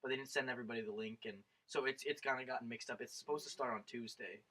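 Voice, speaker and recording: A young man co-hosting a casual podcast, who jumps in with quick asides and stories. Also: mid-range voice, pushed and bright, rough recording. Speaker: podcast co-host. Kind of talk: casual chat.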